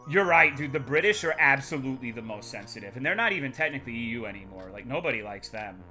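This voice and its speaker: A man's voice: mid-range voice, lively intonation, fast, pushed and bright, soft background music. A young adult man streaming live, chatting casually with his chat in a crude, rambling, sarcastic way.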